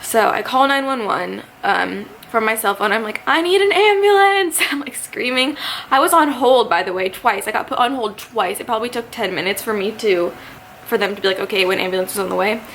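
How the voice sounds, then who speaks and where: A young woman in her twenties telling a story to camera in a chatty, animated way, with lots of fillers. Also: medium pitch, a little fast, slight background noise. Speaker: vlogger.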